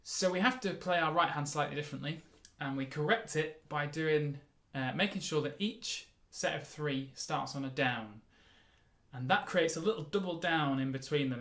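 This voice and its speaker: A man's voice: fairly high pitch, normal speed. Man teaching mandolin, counting beats. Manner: relaxed, loosely explains, counts beats aloud. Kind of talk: casual music lesson. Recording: roomy sound with mandolin playing.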